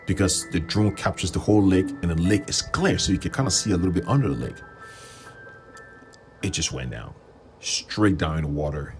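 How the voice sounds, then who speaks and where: A man hosting a livestream and telling a rambling, animated story in a casual voice, quoting people in raised voices. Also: low voice. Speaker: livestream host.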